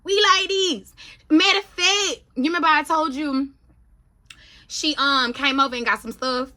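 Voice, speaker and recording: A woman in her thirties gives a casual vlog update in a bright, high voice. She tells her stories in an animated way and keeps speaking to her viewers as "y'all," slipping into relaxed vernacular. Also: unhurried. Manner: chatty, animated storytelling, addresses viewers as y'all. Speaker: vlogger.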